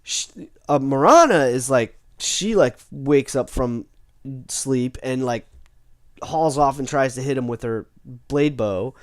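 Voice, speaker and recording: A man's voice: mid-range voice, expressive, takes it slowly, no echo. Guy rambling through a dnd session recap, lots of restarts, voice bouncing all over, dry close sound. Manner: rambling, full of restarts and self-corrections. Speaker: tabletop game player.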